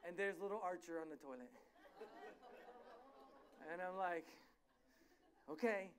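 A pastor preaching a sermon in a church, telling stories animatedly and often correcting himself mid-sentence. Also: male voice, sits high, moderate pace, some chatter behind. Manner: animated, self-correcting storyteller.

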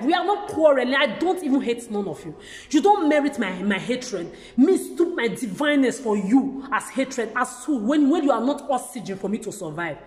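A woman's voice: fairly high pitch, animated, normal speed, a little mellow. A woman in an agitated vlog rant to camera, talking in heated bursts with stammering restarts and repeated words. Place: lives in the country she describes as where she'll age. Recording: echoey room with long reverb.

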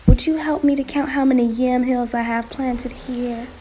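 A woman's voice: high-pitched, steady tone, moderate pace, warm tone, slight background noise, pitched above the performer's own voice, lightly acted. Woman doing a sugary, wheedling trickster spider. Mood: sugary pleading. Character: crafty small male spider trickster.

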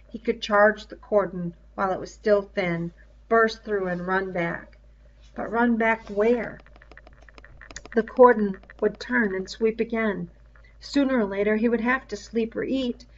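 A woman reading a novel aloud in a measured storytelling manner, with the cries in the story voiced aloud. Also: medium pitch, gravelly, slight background noise. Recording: dull lo-fi recording.

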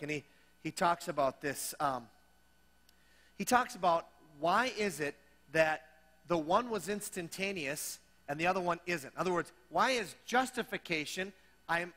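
A man with a high, bright voice preaches in an animated, conversational way. He voices his listeners' imagined questions and then answers them. The sound carries a long reverb from a large church hall. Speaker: pastor. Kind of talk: sermon.

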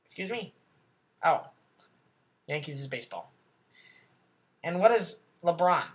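Comedy sketch: a man as a self-important, bumbling male news anchor, voice on the high side, rambling and flustered. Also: very animated, measured pace. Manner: rambling, flustered, corrects himself, talks back off-camera.

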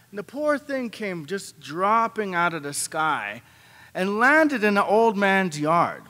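A man telling a traditional story to a live audience, unhurried and animated, slipping into voices for the people in the tale. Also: high voice. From Pacific Northwest, United States. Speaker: storyteller at a library event. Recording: long hall reverb.

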